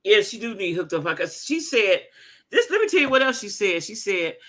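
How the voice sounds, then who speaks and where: A woman in her fifties telling a story in a casual vlog, animated and emphatic, laughing as she talks. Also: mid-range voice, moderate pace. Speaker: vlogger.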